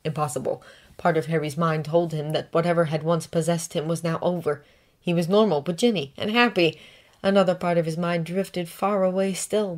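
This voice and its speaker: A woman reading a fan story aloud in a measured, even way, as scripted narration. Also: fairly low pitch. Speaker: audiobook reader.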